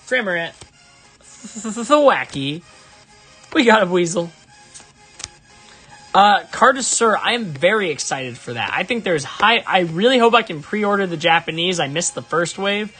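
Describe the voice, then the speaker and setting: A man chatting casually on a live stream while opening trading cards, excitable and prone to high exasperated yelps. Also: moderate pace, soft background music. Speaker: live-stream card opener.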